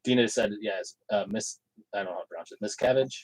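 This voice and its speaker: A man's voice: on the low side, fast, no room sound, poor audio. A man co-hosting a casual livestream, reading out viewer questions hesitantly with many fillers.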